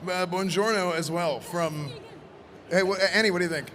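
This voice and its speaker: A man presenting in costume at a live event, joking and rambling loudly. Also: high voice, normal speed. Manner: playful, rambling, loud. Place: convention event floor. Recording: noisy convention floor.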